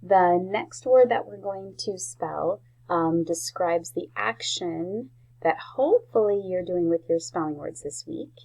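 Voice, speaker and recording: A woman teaching a spelling lesson to young children, slowly sounding out each word. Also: lowish voice, dark tone, low-quality recording. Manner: slow, clear sounding-out of words. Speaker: first grade teacher.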